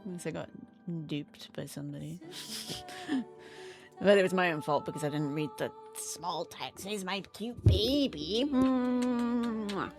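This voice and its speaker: A woman's voice: low voice, moderate pace, gravelly, over music. A woman streaming from home, chatting casually and candidly with her viewers while setting up a game. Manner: chatty and candid, greets chat by name, swears casually.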